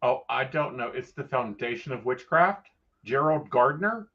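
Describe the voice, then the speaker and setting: A man's voice: medium pitch, animated, moderate pace. A man hosting a casual chat, gossipy with dry, wry asides. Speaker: psychic host. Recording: dull lo-fi sound.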